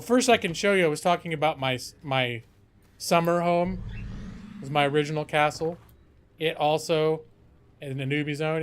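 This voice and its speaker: A man's voice: on the high side, slight background noise. A man streaming a game, chatting in a rambling, self-deprecating way. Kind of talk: casual gaming stream commentary.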